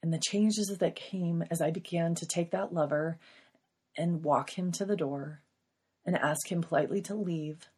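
Breathy middle-aged woman, podcast host, earnest confessional faith testimony. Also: lowish voice, normal speed, darkish tone.

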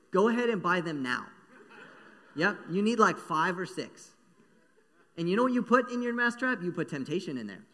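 Animated male preacher in a big hall. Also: on the high side. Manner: animated, playful, acts out little voices. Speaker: pastor. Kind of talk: sermon. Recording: long echo of a large hall.

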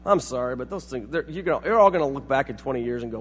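A man's voice: mid-range voice, animated, very fast, big-room sound, slight background noise. A middle-aged man preaching a sermon as pastor, telling family stories and acting out quotes. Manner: storytelling with acted-out quotes.

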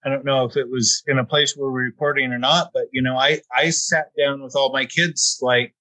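A man, a podcast guest, speaking calmly and reflectively as he adds to his wife's story. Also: mid-range voice, fairly quick, no room sound. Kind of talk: podcast conversation. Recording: dry, slightly dull lo-fi sound.

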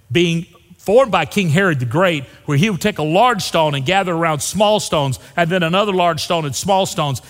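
A man preaches to his congregation with a lively, swooping delivery that sits a little high. He hammers his points, then drops to a hushed low for the key phrases. His voice rings out with the long reverb of a church hall. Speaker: pastor. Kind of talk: sermon. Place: church sanctuary.

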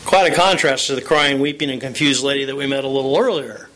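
A man preaching a sermon, telling a scripture story with animated, expressive delivery and acted-out quotes. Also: mid-range voice, fast talker, hardly any pauses, poor audio. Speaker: pastor.

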